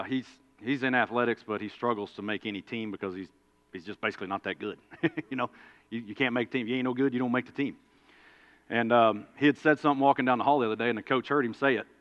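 A man, a preacher and coach, telling a story in a folksy sermon that swings from loud to quiet. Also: medium pitch, fast, muffled recording.

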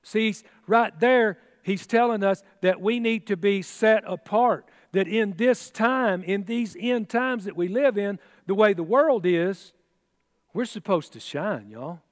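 A man's voice: sits high, lively intonation, slow pace, dry recording, clean studio sound, in a large hall. A man preaching a sermon in a folksy, exclamatory way, with chatty asides. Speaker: pastor.

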